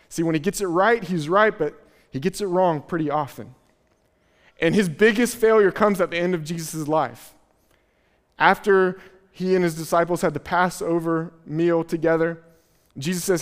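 A male pastor preaches in a fairly high voice, acting out the scripture scenes in casual, animated voices. His words ring out with a long reverb, as though spoken in a large hall. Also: normal speed. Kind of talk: sermon.

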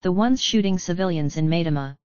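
A man's voice: high-pitched, fairly quick, darkish tone, clean tone, dry recording, muffled recording, lightly acted. A woman doing a teasing young male twin. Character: tall young male wizard, joking twin.

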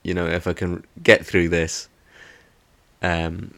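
Low-voiced guy rambling through a book review on his podcast, lots of um and yeah. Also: wildly swooping pitch, slow, a bit bright. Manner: rambling and hesitant, many restarts and fillers. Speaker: podcast host. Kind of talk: casual solo book review.

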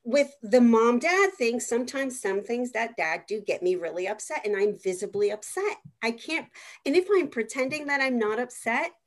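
A woman with a slightly higher voice chats casually as a parenting coach. She talks frankly and with energy, often acting out what parents and kids say. Her voice is plain and natural in an easygoing conversation. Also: moderate pace. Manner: frank, lively, acts out quotes. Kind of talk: casual podcast chat.

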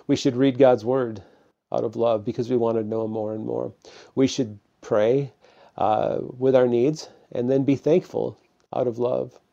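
Male pastor, gravelly and mellow, chatty sermon to camera with fillers, lo-fi sound. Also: mid-range voice, fairly even intonation, a little slow. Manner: plain conversational preaching with many fillers. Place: preaching to a camera.

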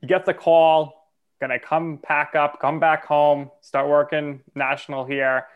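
A man co-hosting a podcast, asking long, halting questions. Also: on the high side, level tone, smooth, narrow, tinny audio. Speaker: podcast co-host. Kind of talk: podcast interview.

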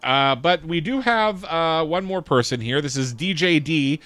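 A man's voice: a little high, expressive, unhurried, fairly bright tone, dry recording. A man co-hosting a podcast in casual chat, reading facts and chart lists aloud and chuckling along. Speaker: podcast co-host.

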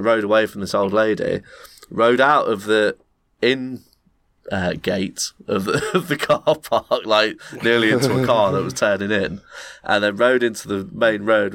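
A man co-hosting a podcast, telling a story in casual chat and acting out people in shrieking high voices. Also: creaky, no room sound. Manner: animated, swears a lot, acts out other people with shrieking high voices. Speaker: podcast co-host.

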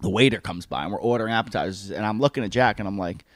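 A man in casual chat, telling a funny anecdote in a profane, animated way and laughing as he goes. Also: on the low side, rapid-fire, dry recording.

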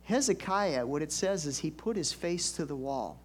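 A man's voice: a little high, animated, normal speed, slightly rough. An older man, a pastor, preaching a conversational storytelling sermon with folksy asides and emphatic swells.

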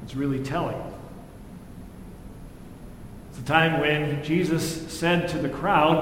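A pastor giving a sermon, reading scripture and then preaching in a conversational way, acting out the quoted lines with feeling. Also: male voice, steady tone, normal speed, hardly any pauses, fairly bright tone. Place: church sanctuary. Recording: echoey hall with faint rumble.

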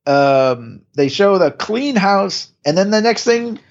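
A man's voice: sits high, big pitch swings, slow pace, vocal fry, lo-fi sound. A man co-hosting a podcast, recapping a TV episode in casual chat, rambling with restarts and laughs. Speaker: podcast co-host.

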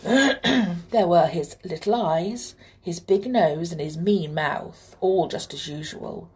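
A woman reading a children's story aloud, expressive and hushed in places. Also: lowish voice, drawn-out words. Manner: expressive, hushed and breathy at times.

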